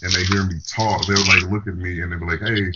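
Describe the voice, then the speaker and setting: A man with a deep voice chats casually on a podcast and acts out what people say to him. The recording is muffled and lo-fi. A loud hiss runs under everything. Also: level tone, quick pace. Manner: storytelling, mock-quoting others.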